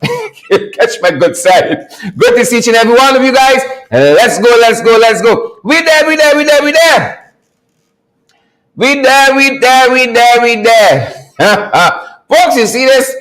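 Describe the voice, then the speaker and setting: A fired-up male talk show host with a notably high voice. He hypes up his audience, shouts out greetings, laughs a lot and drives his points home by repeating himself. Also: low-quality recording. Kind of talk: energetic live-stream commentary.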